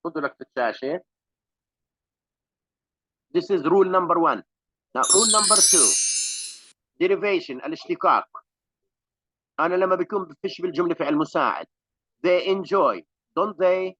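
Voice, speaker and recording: A man teaching an English grammar class online, slow on examples and rapid in his explanations. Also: high-pitched, lively intonation, sharp tone, no room sound, rough recording.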